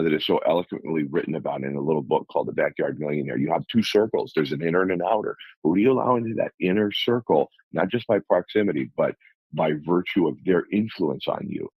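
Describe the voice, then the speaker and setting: A man's voice: sits low, slightly rough, no echo, lo-fi sound. A man on a radio talk show, coaching listeners through numbered self-help steps in an earnest, motivational way. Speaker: life coach guest.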